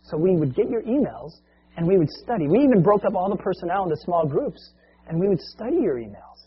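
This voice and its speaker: A man's voice: sits high, sing-song, brisk, breathy edge, muffled recording, full character voice. A man doing a breezy oblivious office worker. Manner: breezy, rambling. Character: carefree office employee man, cheerfully oblivious.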